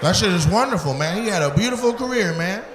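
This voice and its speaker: Loud, profane male comic in a roomy club. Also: sits high, expressive, fast talker. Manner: loud, profane, laughing banter with the audience. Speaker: stand-up comedian doing crowd work. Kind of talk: crowd work stand-up. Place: comedy club stage. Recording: roomy live club sound, loud crowd noise.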